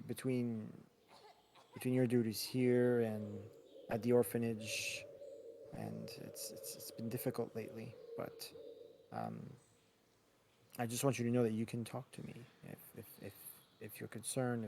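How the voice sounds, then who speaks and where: A man voicing a kindly, tired middle-aged priest who speaks in halting, stammering sentences full of gentle concern. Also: medium pitch, vocal fry, a little hiss or hum. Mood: caring. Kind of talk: tabletop role-play in character.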